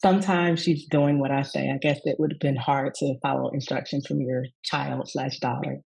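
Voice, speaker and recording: Southern woman yoga teacher, bit husky and gravelly, reflective storytelling vibe, interview chat. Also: a bass voice, fairly even intonation, normal speed, rough recording. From Southern United States. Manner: warm, reflective storytelling with acted quotes. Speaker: rest coach and yoga teacher.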